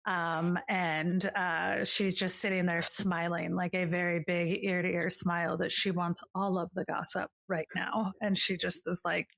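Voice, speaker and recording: A woman narrating as game master of a tabletop game in a relaxed, rambling way. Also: lowish voice, unhurried, creaky, hardly any pauses, no room sound.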